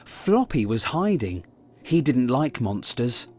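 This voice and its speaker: A man reading a children's picture book aloud in a slow, lively storytelling manner. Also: medium pitch, husky. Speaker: storybook reader.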